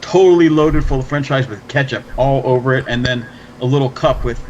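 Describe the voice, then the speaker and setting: A man spins a bar story in loose, profane chat, getting more animated as he goes. His recording sounds a little muffled, with a faint hiss of noise behind him. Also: mid-range voice, fairly quick. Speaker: podcast host. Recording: slightly dull, faint background noise.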